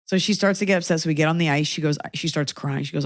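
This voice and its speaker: A low-pitched, fast-talking woman in her thirties is heard in clean studio sound without any room sound. As a podcast host, she spins a comic tale with exasperated sarcasm, using quoted asides throughout the chat.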